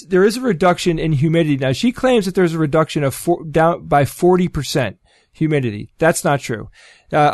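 A man's voice: on the high side, no room sound, studio quality. A man on a talk show, explaining and debunking a claim with open scorn. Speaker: show regular. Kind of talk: casual chat.

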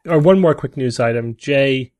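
A man's voice: medium pitch, normal speed, darkish tone, no room sound, studio quality. A man hosting a talk show, dropping short wry jokes and steering to the next item. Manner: wry, joking interjections. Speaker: host. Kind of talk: casual chat.

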